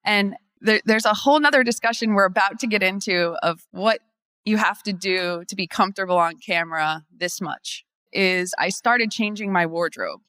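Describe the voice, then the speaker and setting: A woman's voice: mid-range voice, moderate pace, a bit bright, dry recording. Woman lawyer on a conference panel, chatty, laughs a lot, dry close mic. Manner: candid, chatty, laughs often. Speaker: lawyer and firm owner.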